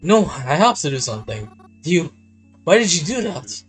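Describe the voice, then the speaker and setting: A man's voice: fairly high pitch, sing-song, normal speed, faint music behind, pitched above the performer's own voice, rough recording. Man voicing a distraught young heroine. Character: young woman heroine, anxious, self-doubting.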